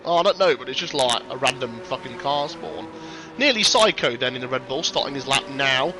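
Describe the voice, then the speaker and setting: A man's voice: mid-range voice, expressive, a little fast. A man doing casual commentary on a sim racing livestream, swearing freely and trading banter with his co-host. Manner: sweary, banter-filled, reads chat aloud. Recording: music playing loud behind.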